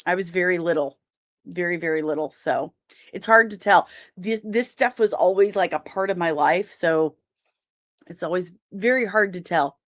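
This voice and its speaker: A woman's voice: fairly low pitch, moderate pace. A young woman hosting a casual livestream, chatting and greeting viewers by name, with easy laughs. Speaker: livestream host.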